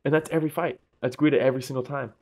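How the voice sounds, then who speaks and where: A young man co-hosting a fight podcast, talking excitedly, laughing often and swearing freely. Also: mid-range voice, racing. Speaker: podcast co-host. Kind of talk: casual chat.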